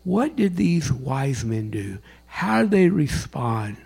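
A man giving a sermon as a chaplain, with dramatic storytelling, sudden loud bursts and hushed whispers. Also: mid-range voice, sing-song, slow, creaky, husky.

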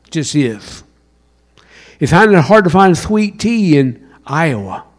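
A man's voice: very animated, slow pace. Southern preacher man. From South Carolina. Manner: preaching with wide swings in pitch and loudness. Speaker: pastor. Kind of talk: sermon.

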